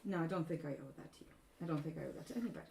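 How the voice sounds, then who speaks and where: A woman voicing a guarded, deadpan woman who hides underground in a tabletop game, speaking in a blunt, flat way. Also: medium pitch, normal speed, reverberant, slight background noise, natural voice.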